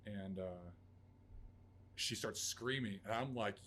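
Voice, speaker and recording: A man's voice: fairly low pitch, takes it slowly, a little hiss or hum. A man in his thirties, a podcast guest, telling an emotional story in a raw, profane way and acting out quotes. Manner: raw, profane, acts out quotes in loud outbursts. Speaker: podcast guest, Army veteran.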